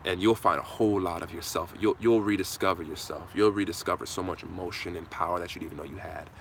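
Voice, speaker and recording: A man's voice: deep voice, fairly even intonation, quick pace, vocal fry, slight background noise. A man hosting a live viewer Q&A, giving an impassioned motivational talk with casual asides. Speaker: channel host answering viewers.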